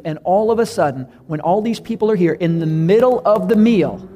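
Animated male pastor, higher voice. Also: a little fast. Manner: animated storytelling, bursts of loud emphasis. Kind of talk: sermon.

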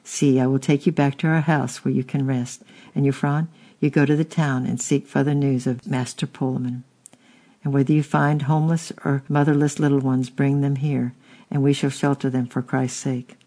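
A man reading the lines of a gentle, motherly old shepherd's wife in a storybook. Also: mid-range voice, flat delivery, normal speed, lightly acted.

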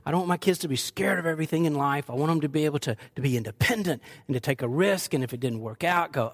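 An older pastor preaching to his congregation with a fairly high, light voice. He mixes earnest teaching with playful, joking asides to the people in front of him. The delivery is animated and conversational. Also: quick pace, hardly any pauses. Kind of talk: sermon.

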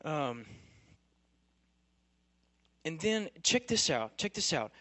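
A young man delivers a sermon in a casual, emphatic style, pressing his listeners with rhetorical questions. His voice sits a little high for a man, and the sound is close and dry with no room echo. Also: very animated, slow pace, fairly bright tone. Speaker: campus preacher.

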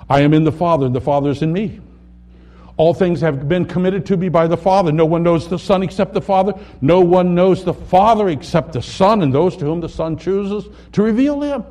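A man preaching a sermon, reading scripture aloud, dropping to a near whisper and rising to loud emphasis, slowing down on key words. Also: a little high, husky. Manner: dramatic swings from hushed to loud, slows on key words.

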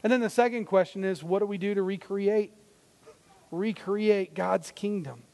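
Earnest high-voiced male preacher in a hall. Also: normal speed, gravelly, mellow. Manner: earnest, conversational, with fillers and restarts. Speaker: pastor. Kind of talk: sermon.

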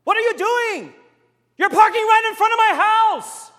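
A man voicing an angry homeowner who shouts and complains, in a reverberant hall. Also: very high voice, expressive, a little fast, voice pushed up. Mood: furious.

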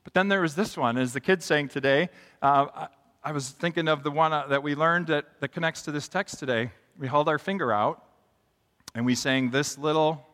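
A middle-aged man preaching a sermon as pastor in a church, acting out quotes with big swings in pitch and loudness. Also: animated, normal speed. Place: church sanctuary. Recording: long hall reverb.

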